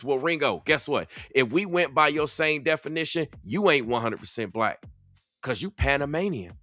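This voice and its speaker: A man's voice: fairly high pitch, animated, normal speed, fairly bright tone, no echo, soft background music. A man with a Southern US accent giving heated, repetitive reaction commentary as a content creator. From Southern United States. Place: Atlanta.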